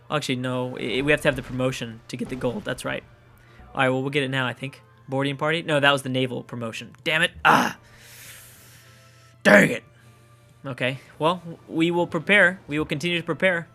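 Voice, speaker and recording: A man's voice: mid-range voice, sharp tone. A Canadian man with a Canadian accent, casually commenting on his own strategy game play, thinking aloud and swearing at setbacks. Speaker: let's play gamer.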